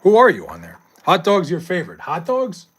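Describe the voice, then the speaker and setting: A man's voice: high-pitched, wildly swooping pitch, brisk, a bit bright, breathy edge. A young adult man streaming live, chatting casually with viewers and reading chat, loose and profane with frequent laughs.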